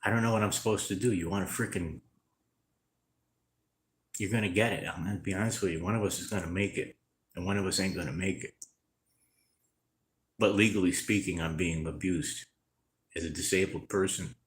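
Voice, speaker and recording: A man's voice: sits low, fairly even intonation, slight background noise. Tired, distressed man in an echoey room. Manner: halting, rambling, distressed, with many restarts. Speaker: vlogger. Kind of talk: unscripted personal vlog to camera. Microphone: camera mic.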